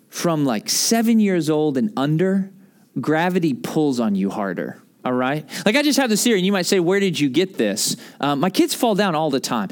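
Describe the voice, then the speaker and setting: High-voiced guy pastor, swoops all over, chatty jokey sermon. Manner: casual, joking, full of "like" asides. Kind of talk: conversational sermon.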